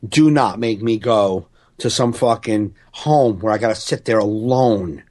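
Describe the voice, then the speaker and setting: A man's voice: lowish voice, unhurried, a little mellow. A man in a casual podcast chat, speaking earnestly and frankly with some swearing.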